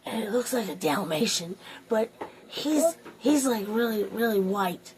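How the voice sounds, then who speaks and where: A woman's voice: mid-range voice, expressive, unhurried, darkish tone, rough recording. A woman hosting a casual story time, telling crude, rambling stories among friends. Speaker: host.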